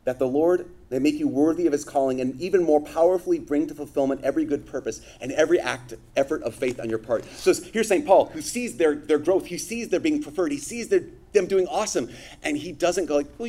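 A man giving a conversational sermon to his congregation, animated, with frequent asides. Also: on the high side, brisk. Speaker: priest.

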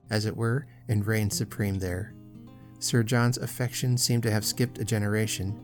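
A man giving a steady, measured scripted narration of a classic novel as an audiobook reader. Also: on the low side.

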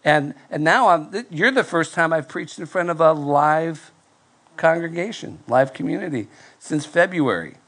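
Nasal-voiced pastor telling a story. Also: male voice, on the high side. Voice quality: nasal tone, monotone. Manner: self-deprecating storytelling, halting restarts. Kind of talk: sermon with personal story. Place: church before live congregation.

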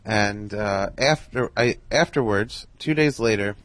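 Comedian type, relaxed storyteller, dry close-mic sound. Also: male voice, lowish voice, no echo, low-quality recording. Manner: relaxed, halting, lots of "you know". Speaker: podcast host and comedian. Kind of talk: casual storytelling.

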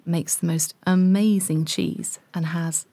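A woman's voice: fairly low pitch, fairly even intonation, takes it slowly, warm tone, no echo. Enthusiastic woman podcast presenter. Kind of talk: casual studio chat. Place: studio.

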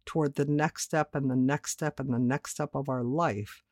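On her self-help podcast, a woman with a very deep, slightly mellow voice talks frankly at a moderate pace with fairly even intonation, dropping casual swears and repeating words for emphasis. The sound is clean studio audio with no room sound.

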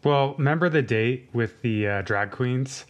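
A man's voice: mid-range voice, unhurried, dull audio. Laid-back man co-hosting a podcast. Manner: laid-back, short agreeing replies and blunt opinions. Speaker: podcast co-host. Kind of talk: casual chat.

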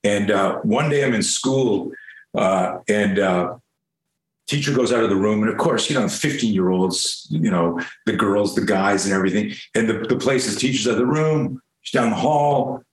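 Profane, animated male storyteller, roomy echo. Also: on the low side, normal speed. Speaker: guest. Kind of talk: casual storytelling interview.

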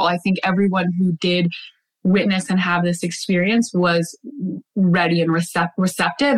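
A woman's voice: fairly low pitch, steady tone, a little slow, low-quality recording. A woman guest in casual conversation, telling a story animatedly with frequent laughs, fillers and restarts.

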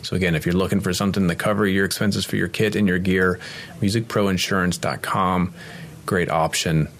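A man's voice: low voice, steady tone, fairly bright tone. A man hosting a podcast, reading sponsor spots and chatting casually with a guest, laughing often. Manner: laughs often, quick reactions. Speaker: podcast host. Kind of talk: casual podcast chat and ad reads.

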